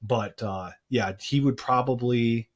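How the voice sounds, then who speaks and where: A man's voice: mid-range voice, slow pace. A man co-hosting a marketing podcast, talking casually with many fillers and restarts. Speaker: podcast co-host.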